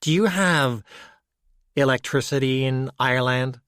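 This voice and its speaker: A man's voice: medium pitch, measured pace, a bit bright, clean tone, dry recording, studio quality, close to an everyday voice. A man voicing a smug young male motel clerk who talks down with a grin. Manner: condescending, grinning.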